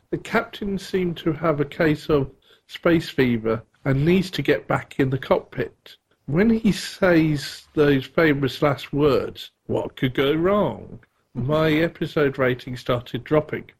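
A man's voice: fairly high pitch, animated, takes it slowly, breathy edge. A man co-hosting a podcast, reading listener feedback aloud in a casual way and laughing often. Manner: chuckles often while reading. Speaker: podcast co-host.

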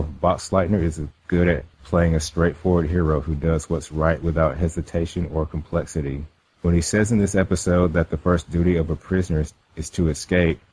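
A man co-hosting a podcast, reading listener feedback aloud in a measured, dry way. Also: deep voice, darkish tone, husky, no echo, poor audio. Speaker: podcast co-host.

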